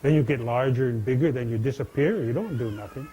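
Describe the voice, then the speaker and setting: A man voicing a quick-tempered male frog who hollers back defiantly in a storytelling talk. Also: medium pitch, mellow, slight background noise, natural voice, poor audio. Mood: defiant scolding.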